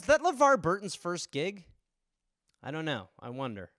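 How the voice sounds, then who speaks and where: A man's voice: high voice, very animated, normal speed, a bit bright, dry recording, studio quality. A man hosting a comedy podcast, riffing alone on topics in a rambling, profane, self-deprecating way. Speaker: podcast host.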